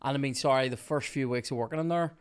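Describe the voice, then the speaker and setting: Sweary, animated male podcast host. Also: medium pitch, fast talker, smooth. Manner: animated, sweary anecdote-telling with frequent laughs. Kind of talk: casual storytelling chat.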